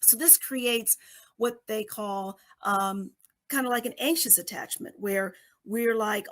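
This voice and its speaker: A woman's voice: medium pitch, fairly even intonation, moderate pace. A middle-aged woman, a guest coach on an interview show, explaining in a teacherly way and checking in with listeners by asking "okay?" again and again. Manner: briefly acts out babies and parents.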